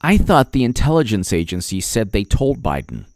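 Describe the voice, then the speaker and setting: A man's voice: on the low side, very animated, moderate pace, no echo, clean studio sound. A man giving political commentary on a vlog in a rambling, sarcastic way, often restarting his sentences.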